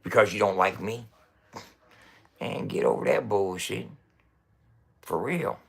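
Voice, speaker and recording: Low-voiced cursing man, coughing rant. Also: slow, vocal fry, long pauses, breathy edge. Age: middle-aged. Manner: frequent swearing and coughing. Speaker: website founder ranting to camera. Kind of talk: casual profane rant.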